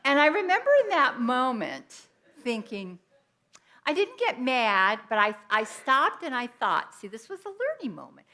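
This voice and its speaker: A woman's voice: sits high, very animated, measured pace, sharp tone. A woman giving an inspirational sermon at a Sunday church service, speaking conversationally and telling personal stories. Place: church sanctuary.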